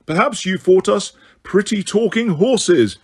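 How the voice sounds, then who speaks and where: A man's voice: high-pitched, animated, a little slow, husky, voice pushed up, full character voice. A man voicing a proud, stern male centaur from an ancient people, speaking in a haughty, declamatory way in an audiobook. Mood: defiant.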